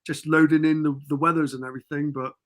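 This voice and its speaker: A man's voice: a little high, little pitch movement, fast talker. A middle-aged man from England, a podcast guest telling rambling stories in casual chat over a remote call. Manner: rambling storyteller, chatty and informal.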